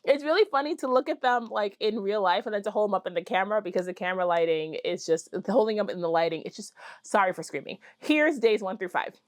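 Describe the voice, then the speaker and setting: A woman vlogging about her spinning project in a casual, excitable way, full of fillers and little squeals of delight. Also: mid-range voice, fast talker, dry recording, studio quality. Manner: excitable, gushing, apologizes for screaming; chatty with many fillers. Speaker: fiber arts vlogger. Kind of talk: casual chat to camera.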